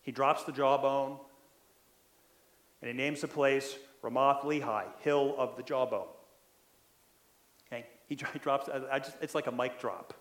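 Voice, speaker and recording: A man preaching a sermon in a conversational way, often checking in with the listeners, and growing louder when he stresses a point. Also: medium pitch, measured pace, long pauses, echoey room. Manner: conversational, keeps asking "right?"; animated, builds in loudness when stressing a point. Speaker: pastor.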